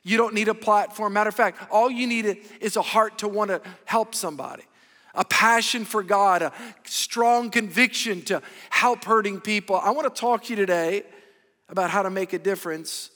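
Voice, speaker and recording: Man, pastor, sermon, middle-aged, earnest, high-pitched, long hall reverb. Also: normal speed, sharp tone. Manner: earnest, repeats key phrases for emphasis.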